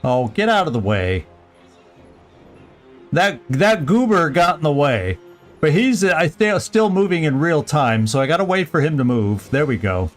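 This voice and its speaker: Playful, lively male game streamer. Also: a little high, normal speed, faint music behind. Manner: playful, thinking aloud, goofy asides. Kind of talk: casual live gameplay commentary.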